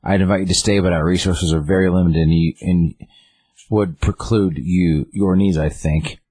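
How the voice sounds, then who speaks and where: Man recapping a formal android, precise wording, low voice, dry sound. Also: fairly even intonation, normal speed, warm tone, slightly rough, no echo. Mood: polite. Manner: wordy, precise phrasing. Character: android male bunker keeper, formal and precise.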